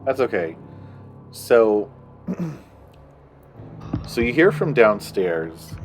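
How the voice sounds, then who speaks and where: A man narrating as game master of a tabletop game, relaxed and laughing, drawing his descriptions out. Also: mid-range voice, drawn-out words, pauses often, faint music behind.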